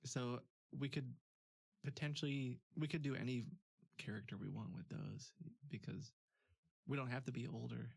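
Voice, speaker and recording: A man's voice: medium pitch, steady tone, normal speed, vocal fry, husky, dry recording. A man hosting a stream, chatting casually, laughing often, with many fillers. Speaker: streamer host. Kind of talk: casual chat.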